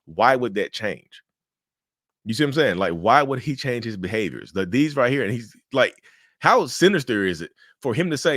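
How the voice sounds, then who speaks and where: A man's voice: mid-range voice, very animated, moderate pace, fairly bright tone, no echo, studio quality. A man, giving casual, emphatic commentary on a viewer's story with lots of rhetorical questions. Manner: emphatic, rhetorical questions, says y'all often.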